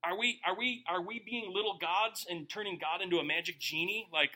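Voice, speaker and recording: A man preaching a sermon, animated, with many rhetorical questions and quick acted-out asides. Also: high voice. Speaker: pastor.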